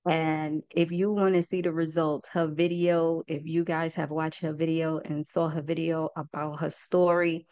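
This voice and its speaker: A woman's voice: deep voice, little pitch movement, moderate pace, hardly any pauses, a little mellow, clean tone, no echo, dull audio. A woman hosting a group talk for an online audience, speaking in a heartfelt, folksy way and often calling her listeners "y'all". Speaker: host and project founder.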